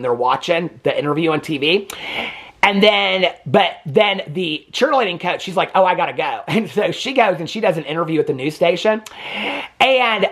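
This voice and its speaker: A man's voice: sits high, a bit bright. A man giving a casual, gossipy recap of a movie as a reviewer, chatting with asides and laughs.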